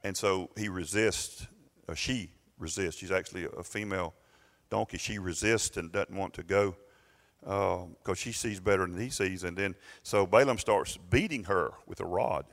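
Animated preacher in a reverberant church. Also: male voice, low voice, moderate pace, creaky. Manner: animated storytelling, acting out voices. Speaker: pastor. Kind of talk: sermon. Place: church sanctuary. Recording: long reverb in a church hall.

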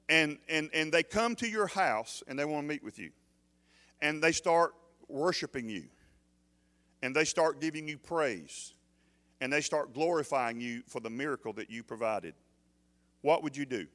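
A man's voice: fairly high pitch, expressive, moderate pace, long pauses, pushed and bright. A man preaching a sermon as pastor, emphatic, often putting questions to the congregation.

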